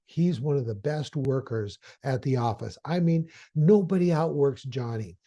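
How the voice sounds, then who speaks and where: Male hypnotherapy trainer, folksy and animated, slightly high pitch with a mellow tone. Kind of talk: storytelling lesson.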